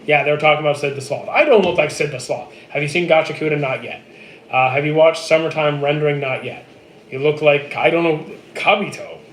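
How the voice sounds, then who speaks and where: A man in his thirties from Canada chats casually with his live-stream viewers, answering their comments in a relaxed, dry way. His voice sits a little high. The sound is echoey, with a faint hiss behind it. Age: 30s. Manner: relaxed, dry, answers chat questions flatly. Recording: echoey room with faint noise.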